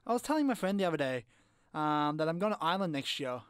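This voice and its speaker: A man's voice: a little high, sing-song, fast, clear, resonant tone, dry recording, clean studio sound. A young man hosting a casual student radio show, playful and jokey, tripping over his words now and then. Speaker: radio host. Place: radio studio. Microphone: studio microphone.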